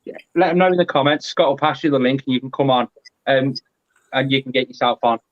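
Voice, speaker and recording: A man's voice: medium pitch, fast, no room sound, lo-fi sound. A man chatting casually and animatedly on a live stream over a video call. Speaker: guest.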